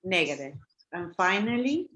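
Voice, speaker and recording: A woman with a slightly low voice teaching an online English class. She is warm in her praise and checks in with her students often, asking "remember?" and "right?". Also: big pitch swings, moderate pace. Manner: encouraging, repeats and checks in often.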